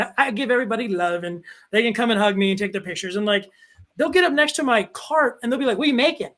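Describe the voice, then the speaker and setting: A young man from Texas, a local TV sports reporter, chatting casually as a podcast guest, rambling through stories with lots of fillers. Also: very high voice. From El Paso, Texas. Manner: rambling, animated storytelling with many fillers.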